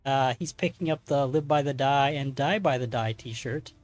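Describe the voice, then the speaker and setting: A man's voice: mid-range voice, normal speed, soft background music. A man hosting a tabletop stream as game master, chatting casually through announcements with many fillers and self-corrections.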